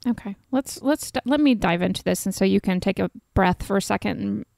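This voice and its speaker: Gravelly-voiced woman dating coach. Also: mid-range voice, fairly quick, darkish tone, no echo, clean studio sound. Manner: direct, frank, swears casually. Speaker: dating coach and podcast host. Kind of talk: podcast advice chat.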